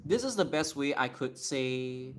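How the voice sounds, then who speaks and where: A man chats casually on his livestream, sounding out words one syllable at a time and laughing at his own tries. He speaks slowly at a mid pitch, and faint keyboard clicks sit behind him. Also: lively intonation, slight background noise. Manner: thinking aloud, self-deprecating, sounding out words slowly. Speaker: livestream host.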